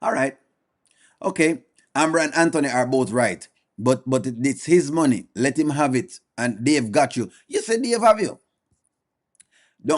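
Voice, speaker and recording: Man, stream host, casual commentary, blunt, repeats points, mid-pitched voice. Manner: blunt, addresses chat viewers by name.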